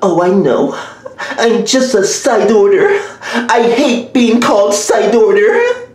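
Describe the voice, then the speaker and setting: A woman's voice: medium pitch, big pitch swings, takes it slowly, a little mellow. A woman voicing a jilted video game as a clingy female lover, pleading and melodramatic, in a comedy voiceover skit. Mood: desperate. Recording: very echoey room.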